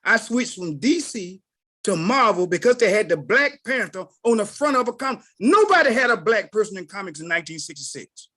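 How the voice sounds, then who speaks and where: Older man, storyteller type, big swings from mumbly to shouty, folksy. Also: brisk. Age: 60s. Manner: animated, swings between low mutters and loud outbursts. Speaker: call participant sharing a story. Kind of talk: casual storytelling.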